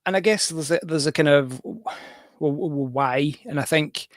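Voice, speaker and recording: A Scottish man, a musician and livestream host, chats on a casual stream in a rambling, jokey, self-deprecating manner. His voice is a little high and moderately paced, with no room sound.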